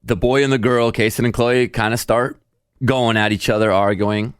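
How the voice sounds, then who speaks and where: A man co-hosting a podcast, telling a family story in a casual, animated way and acting out what he said. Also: mid-range voice, moderate pace, clear, resonant tone, dry recording, studio quality. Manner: animated storyteller, acts out his own quotes. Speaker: podcast co-host. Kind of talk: casual chat.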